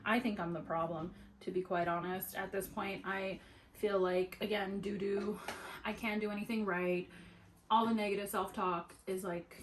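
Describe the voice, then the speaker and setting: A young adult woman vlogging while she sews, telling a story in an animated way with lots of "like" fillers. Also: medium pitch, moderate pace, slight background noise, rough recording. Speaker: sewing vlogger. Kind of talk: casual chat while sewing. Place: at home at a sewing table.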